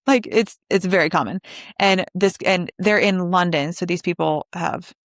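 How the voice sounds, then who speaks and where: A woman's voice: fairly low pitch, unhurried, no room sound, clean studio sound. A young woman in her twenties hosting a podcast alone, chatting casually and animatedly with lots of likes and asides. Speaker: podcast host. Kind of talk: casual solo podcast chat.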